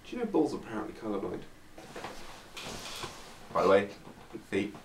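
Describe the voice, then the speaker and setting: Gravelly young man, wildly swinging pitch. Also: big pitch swings, normal speed. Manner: dry, mock-exasperated quips. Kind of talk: joking behind-the-scenes banter. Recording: distant, echoey room with noise.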